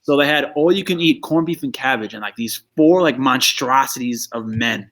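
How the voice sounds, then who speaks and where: A man tells a loose story in a relaxed podcast chat. He pads his lines with fillers and swears now and then. His voice sits in a middle pitch. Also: normal speed, few pauses, noisy background. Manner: laid-back storyteller, filler-heavy, swears. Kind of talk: casual chat.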